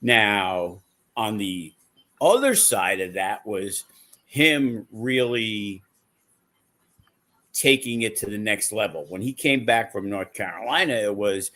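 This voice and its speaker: A man's voice: on the low side, lively intonation, slow pace, sharp tone. A man who promotes wrestling shows, chatting casually in a blunt, profane, rambling way with lots of fillers. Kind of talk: casual podcast chat.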